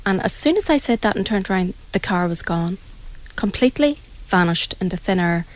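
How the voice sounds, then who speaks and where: A middle-aged woman with a Northern Irish accent, an angel reader telling a story in a radio interview in an animated, dramatic way. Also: mid-range voice, a little fast, poor audio. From Northern Ireland.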